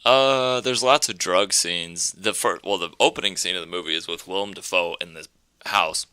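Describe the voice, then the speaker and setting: A man's voice: sits low, moderate pace, bright, forceful tone, clear, resonant tone, no room sound. A man casually recapping a movie scene by scene on a podcast, rambling and laughing as he goes. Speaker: podcast co-host.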